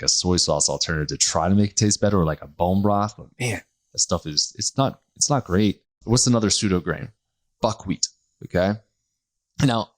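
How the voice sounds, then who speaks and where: Low-voiced male podcast host, lively and jokey, solo monologue. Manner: animated and joking, laughs often, acts out quoted people. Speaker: podcast host, health practitioner.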